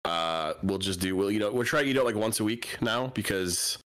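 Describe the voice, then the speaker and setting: A man's voice: fairly low pitch, a little fast, fairly bright tone. A man from Canada telling a rambling, profane anecdote in casual podcast chat, laughing as he goes. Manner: profane, rambling, laughs through his story. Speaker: podcast co-host.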